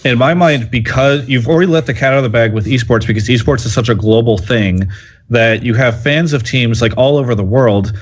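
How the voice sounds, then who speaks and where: A man's voice: medium pitch, fairly quick. Male panel guest, mid voice, rambling talky reasoning, a bit muffled. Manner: talkative, filler-heavy reasoning. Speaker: podcast guest, journalist. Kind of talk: casual panel discussion. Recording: slightly lo-fi audio.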